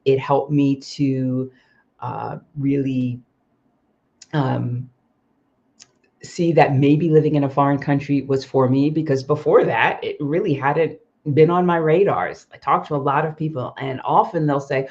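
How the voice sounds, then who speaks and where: A woman's voice: very deep voice, measured pace, darkish tone. A woman hosting a livestream who tells personal stories in a chatty way, with frequent ums and self-corrections. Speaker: livestream host, expat coach. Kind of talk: casual personal storytelling. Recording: slightly muffled livestream audio.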